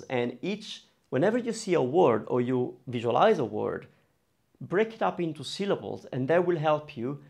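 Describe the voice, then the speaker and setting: A man's voice: fairly high pitch, vocal fry. A man teaching a beginner online lesson, explaining patiently and drawing out syllables and vowel sounds to demonstrate them. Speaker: Italian teacher.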